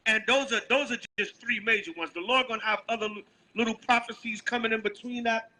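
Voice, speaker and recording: A man's voice: extremely high pitch, steady tone, a little fast, pushed and bright, poor audio. A man with a Brooklyn, New York accent preaching on the street, calling out verses and asking "right?" again and again. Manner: emphatic, calls out verses, asks "right?" often. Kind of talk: street sermon with scripture reading.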